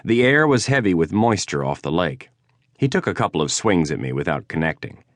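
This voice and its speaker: A man's voice: sits low, big pitch swings, brisk, dry recording. A man narrating a first-person audiobook in a dry, understated, wry manner, close to a studio mic.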